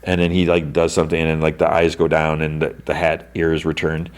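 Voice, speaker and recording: A man's voice: a bass voice, monotone, brisk, clean tone. A man hosting a podcast, casually recapping a show episode, rambling with lots of "like" and "um". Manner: rambling, heavy on "like" and "um" fillers. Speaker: podcast host.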